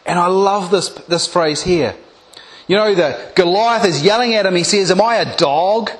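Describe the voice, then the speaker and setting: A man delivers a sermon in a fairly high voice. He retells scripture with dramatic flair, voicing its characters before turning to speak plainly and urgently to his listeners. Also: moderate pace. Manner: animated storytelling, acting out biblical voices. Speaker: preacher.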